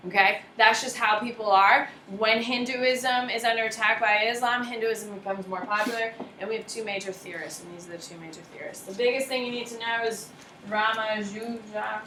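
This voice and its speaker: A woman's voice: mid-range voice, steady tone, brisk, pushed and bright, echoey room, a little hiss or hum, rough recording. A woman teaching a lecture class, chatty and self-deprecating, often asking the class questions.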